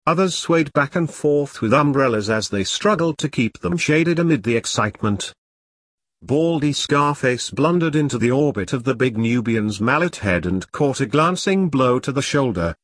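Man narrating a dark comic story. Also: mid-range voice, animated, moderate pace, no room sound. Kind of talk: audiobook narration.

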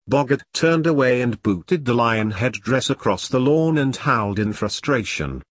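Guy reading a story out, husky, dry close sound. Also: medium pitch, very animated, moderate pace, few pauses, no echo. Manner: dramatic storytelling. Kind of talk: audiobook narration.

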